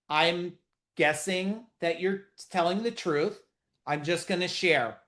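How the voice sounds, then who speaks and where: Profane, high-voiced man coaching on a webinar. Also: takes it slowly. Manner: blunt, profane, animated and joking. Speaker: business coach hosting a webinar. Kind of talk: casual live webinar talk. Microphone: video call.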